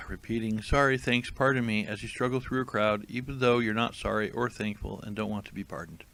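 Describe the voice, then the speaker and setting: Male comic reader, lowish voice, dry and amused, casual asides. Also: fairly even intonation, fairly quick, gravelly, fairly bright tone. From United States. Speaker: comedic reader of tweets. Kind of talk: casual comedic commentary.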